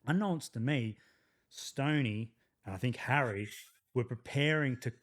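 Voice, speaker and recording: An Australian man in his thirties, a podcast guest and army veteran, telling crude, lively stories in a casual way. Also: medium pitch, unhurried. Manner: crude, swearing, lively anecdotes with frequent "like". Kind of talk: casual storytelling.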